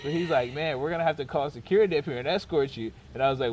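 A young man casually telling a long personal story, animated and often laughing as he goes. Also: on the high side, racing. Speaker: storyteller guest.

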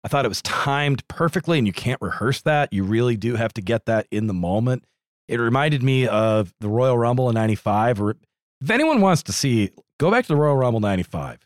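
A man's voice: medium pitch, expressive, a little fast, no room sound, clean studio sound. A man co-hosting a wrestling podcast in casual, jokey, digressive chat. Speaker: podcast co-host.

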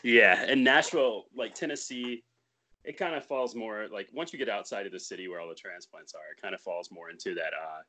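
A young man in casual podcast chat, a guest from a band, relaxed and quick to laugh, with some swearing. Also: lowish voice. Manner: laid-back, swearing, laughs often.

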